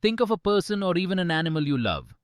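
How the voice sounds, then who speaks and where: A woman voicing a gentle male temple teacher, softly and slowly guiding children through a meditation. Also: on the low side, sing-song, no echo, studio quality. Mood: calm soothing. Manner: soft, slow, soothing meditation guidance.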